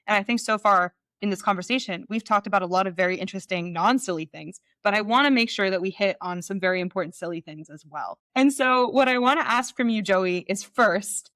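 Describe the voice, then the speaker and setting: A woman co-hosting a podcast, framing her questions at length with courteous setup. Her voice sits at a typical middle pitch for a woman. She is heard close and dry, with no room sound. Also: fairly bright tone, no room sound. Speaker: podcast co-host. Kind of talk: conversational interviewing.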